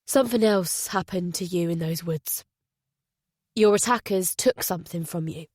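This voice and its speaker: A woman's voice: fairly low pitch, moderate pace, a little mellow, dry recording, studio quality, lightly acted. A woman reading a guarded male detective. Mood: tense. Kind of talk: audiobook character reading.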